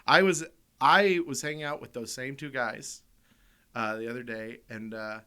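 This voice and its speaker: A man's voice: medium pitch, fairly even intonation, normal speed, sharp tone, clear, resonant tone. A man with an American accent co-hosting a comedy podcast, telling profane stories and laughing through them. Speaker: podcast co-host. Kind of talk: casual storytelling.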